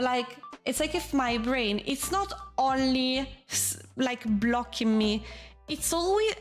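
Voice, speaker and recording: A woman from Switzerland chatting casually on a live stream, rambling and animated, frank and sometimes swearing. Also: sits high.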